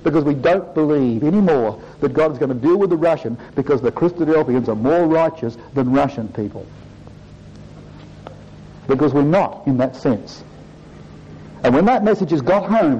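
A man preaching a sermon to a congregation, rising and falling in pitch and repeatedly calling out "brothers and sisters". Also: animated, normal speed, dark tone, slightly rough. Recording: dull lo-fi recording.

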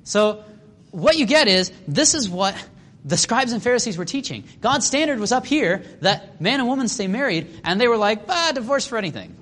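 A man preaching a sermon in a casual, animated way, acting out quotes with sarcasm and lots of fillers. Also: high voice, moderate pace, a little hiss or hum.

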